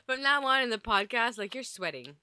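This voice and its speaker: A woman co-hosting a podcast in casual chat, teasing and asking quick questions. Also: on the high side, very animated, bright, forceful tone, smooth, no echo, clean studio sound. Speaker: podcast co-host.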